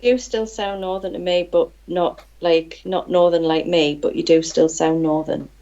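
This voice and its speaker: A woman's voice: lowish voice, steady tone, normal speed, dark tone. A middle-aged woman with a Geordie accent, a podcast guest talking hesitantly in a casual chat. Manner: hesitant, toning down her accent. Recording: slightly dull lo-fi sound.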